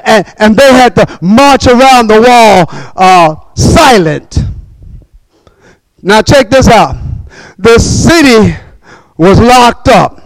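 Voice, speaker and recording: Preacher, male, very high voice, dry close sound; calls to the congregation, shouts, repeats himself. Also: no echo, rough recording. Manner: call-and-response preaching, bursts of shouting, quick repetitions. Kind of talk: sermon.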